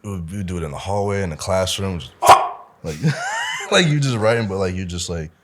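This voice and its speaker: Chill young dude from omaha, deep voice, laughs a lot, says bro constantly. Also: male voice, huge pitch swings, fairly quick, a little hiss or hum. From Omaha, United States. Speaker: podcast guest, musician. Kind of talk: casual interview chat.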